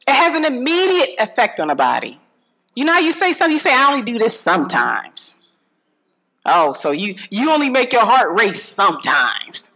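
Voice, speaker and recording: A woman giving a lively health talk to an audience, swinging from low asides to loud calls. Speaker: health speaker addressing an audience. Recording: dull lo-fi sound.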